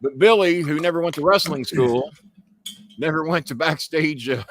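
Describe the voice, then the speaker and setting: A man's voice: fairly high pitch, moderate pace. Blunt, profane man hosting a live show. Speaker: podcast host. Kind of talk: casual live-stream chat.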